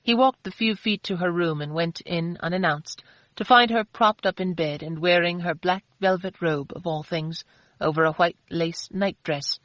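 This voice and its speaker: A woman narrating an audiobook in a steady, even storytelling manner, close to the mic. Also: lowish voice, moderate pace, no room sound. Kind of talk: scripted narration.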